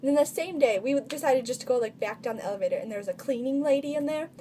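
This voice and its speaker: A woman's voice: high voice, quick pace, dark tone, slight background noise. A teenage girl telling funny stories in a casual vlog, chatty and full of filler words. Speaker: vlogger.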